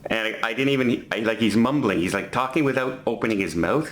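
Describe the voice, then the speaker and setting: A man's voice: lowish voice, brisk, a bit bright, a little hiss or hum. A man in his fifties casually telling a story to camera from a hotel, walking through what happened step by step. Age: 50s. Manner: chatty, retelling an incident step by step. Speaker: vlogger.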